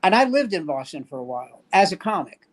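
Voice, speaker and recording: A man's voice: sits high, big pitch swings, quick pace. Older New man telling wry stories. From New York. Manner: wry, rambling anecdotal storyteller. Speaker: veteran standup comedian guest. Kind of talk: casual storytelling chat.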